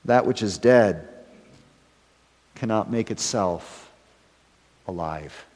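A pastor delivers a sermon in an even, deliberate cadence. His phrases fade off softly, then he climbs louder when he stresses a point. His voice carries a long reverb, as if in a large church sanctuary. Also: lowish voice. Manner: measured preaching, trailing off at phrase ends, rising loud for emphasis.

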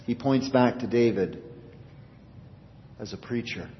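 A man preaching a sermon as pastor, earnest, his voice rising for emphasis and sinking low at the ends of phrases. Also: unhurried, a little hiss or hum. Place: church. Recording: dull reverberant church recording.

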